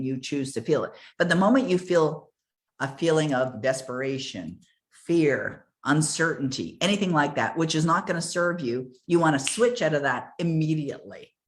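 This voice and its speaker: An older woman giving an earnest, emphatic motivational coaching talk, repeating key words for stress. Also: deep voice. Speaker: success coach.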